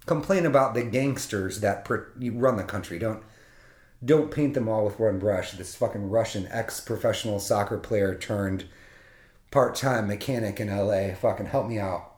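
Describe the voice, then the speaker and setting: A man's voice: on the high side, a little mellow. A man telling a personal story in a casual, comedic way, swearing freely and laughing between lines. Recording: roomy echo.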